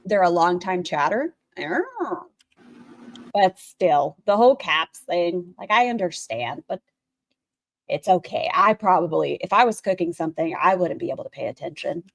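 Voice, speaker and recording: A woman's voice: fairly low pitch, expressive, normal speed, vocal fry, no room sound. A woman streamer giving blunt, opinionated commentary while reacting to another stream and talking to her chat.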